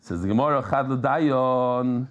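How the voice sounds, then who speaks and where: A man teaching a live Talmud class in a casual, animated way, joking with the room and restarting his sentences as he explains. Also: mid-range voice, slow, dull audio.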